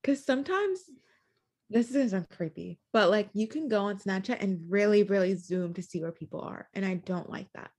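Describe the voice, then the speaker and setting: A woman in her twenties co-hosting a podcast, telling stories in a chatty, animated way with lots of "like". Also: mid-range voice, moderate pace. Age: 20s. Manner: chatty, animated storytelling with frequent "like". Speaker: podcast co-host. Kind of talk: casual chat.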